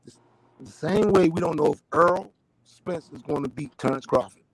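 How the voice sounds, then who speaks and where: A man's voice: on the high side, normal speed, dry recording, low-quality recording. A middle-aged man in a heated boxing debate over a voice call, insistent, repeating his questions and swearing. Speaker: panel debater. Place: online voice call.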